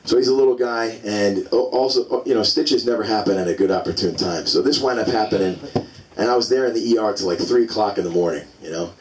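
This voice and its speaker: A man's voice: fairly low pitch, fast talker, recorded from a distance, rough recording. Rambling comedian in his forties. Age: 40s. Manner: loose, rambling storytelling with many fillers. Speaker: stand-up comedian. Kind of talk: stand-up comedy set. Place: comedy club stage.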